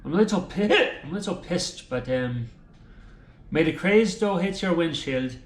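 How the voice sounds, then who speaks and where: A man's voice: on the high side, expressive, moderate pace, close to an everyday voice. A man voicing a rambling Irish man who recites bawdy mock blessings in a sing-song way. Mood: mischievous. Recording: roomy echoing room.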